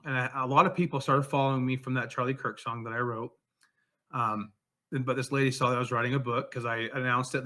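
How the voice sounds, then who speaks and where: An earnest man tells his story in a relaxed interview. His voice is bright and forceful, sitting at an everyday pitch. He speaks heartfelt and sincere throughout. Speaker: author and songwriter guest.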